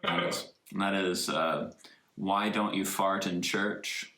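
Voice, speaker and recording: A man's voice: low-pitched, fairly even intonation, takes it slowly, sharp tone, soft background music. A male priest hosting a video call, telling jokes in a playful way. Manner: playful, laughing easily. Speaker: priest, host. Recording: echoey video call with faint noise.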